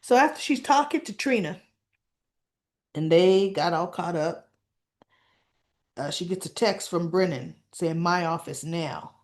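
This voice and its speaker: A woman hosting a soap opera recap, talking casually and with strong opinions, acting out the characters' lines in quick quotes. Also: lowish voice, lively intonation, a little mellow. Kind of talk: casual chat.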